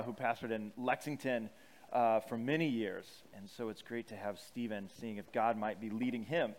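A male pastor, giving a casual, conversational sermon full of self-deprecating anecdotes. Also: mid-range voice.

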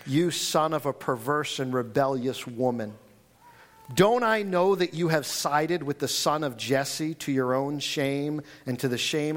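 A man preaching a sermon, reading scripture aloud and retelling the story in an animated, conversational way with frequent restarts. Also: fairly high pitch. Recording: audio recording of a talk.

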